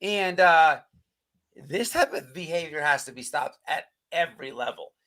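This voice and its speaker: A man with a high, sharp-edged voice hosts a live stream commentary. He talks bluntly, swears freely and restarts his sentences as he goes. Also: lively intonation, moderate pace. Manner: blunt, profane, stumbling restarts. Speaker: livestream host.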